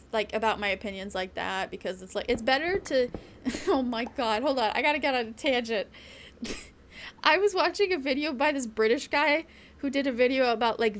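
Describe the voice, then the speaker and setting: A woman with a slightly high, somewhat bright voice streams a game as a VTuber. In casual chat she rambles and rants bluntly, swearing a lot and laughing between remarks.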